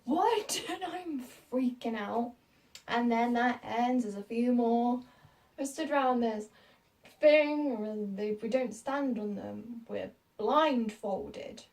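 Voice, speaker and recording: A woman's voice: fairly high pitch, takes it slowly, vocal fry, a little mellow. Giggly British girl vlogging, slightly distant. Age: late teens. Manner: rambling, giggly, self-mocking. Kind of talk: casual storytelling to camera.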